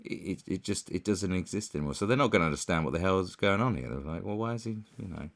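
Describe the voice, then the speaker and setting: A man's voice: deep voice, expressive, fast, gravelly. A man giving casual commentary, rambling and scornful, with many fillers and restarts. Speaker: commentary YouTuber.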